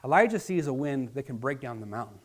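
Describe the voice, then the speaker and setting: A man preaching a sermon as pastor, earnest and dramatic, talking straight to his listeners and swinging between loud emphasis and hushed near-whispers. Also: medium pitch, lively intonation, quick pace. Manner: earnest, direct address to listeners.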